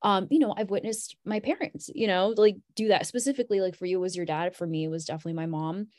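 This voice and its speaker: A woman's voice: fairly low pitch, steady tone, fast, darkish tone, no room sound, studio quality. Reflective woman podcast guest. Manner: reflective, rambling, many fillers. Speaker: podcast guest, graphic designer. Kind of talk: casual podcast conversation.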